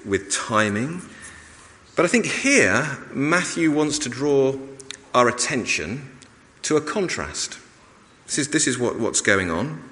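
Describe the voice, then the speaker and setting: A man preaches a sermon in a lowish, bright and forceful voice, measured and emphatic, with pauses and small restarts. His words ring out with a long reverb, as in a large church hall.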